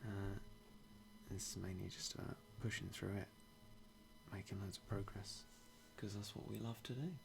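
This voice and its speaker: A young British man streaming a game, talking in a hushed, half-whispered way with dry self-mocking humour. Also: lowish voice, fairly even intonation, normal speed, creaky, long pauses, over music. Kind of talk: quiet live-stream game commentary.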